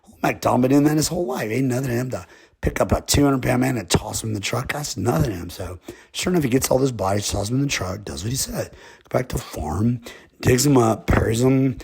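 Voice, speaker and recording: A man's voice: mid-range voice, fast, gravelly, a little mellow, husky. A man from Texas, telling a rambling comic story with a drawl and chuckling asides. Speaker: comedic storyteller.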